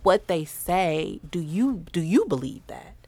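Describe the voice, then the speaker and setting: A woman's voice: lowish voice, lively intonation, measured pace, darkish tone, no room sound. A woman therapist in a casual podcast chat who laughs often and acts out the voices she quotes.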